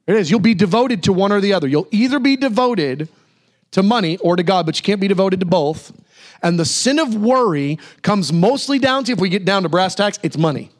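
A male pastor preaching a sermon, animated, with sudden high exclamations and slow, emphatic repetition.

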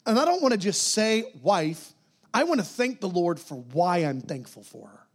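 A middle-aged man preaching a sermon in a casual, conversational way, sometimes dropping to soft whispered prayers. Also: sits high, big pitch swings, normal speed.

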